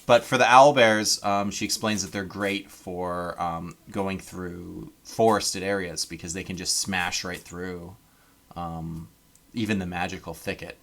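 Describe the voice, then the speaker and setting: A man's voice: low voice, steady tone, a little slow, fairly bright tone. A man from Canada running a tabletop game as game master, rambling with lots of ums. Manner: rambling, many ums, laughs at own jokes.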